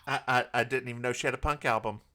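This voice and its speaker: A man's voice: medium pitch, fairly even intonation, very fast, sharp tone. A man with a Southern US accent co-hosting a podcast, recapping a TV episode in campy, teasing banter. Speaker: podcast co-host. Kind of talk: casual comedic recap chat.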